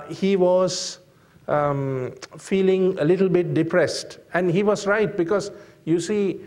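A man preaching a sermon, slow and deliberate, with frequent fillers and emphatic rhetorical questions to the congregation. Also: on the high side, a little mellow.

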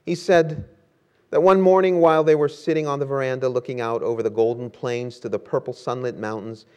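A man's voice: mid-range voice, steady tone, a little fast, a little mellow. A man preaching a sermon in an earnest voice, building to emphatic exhortation.

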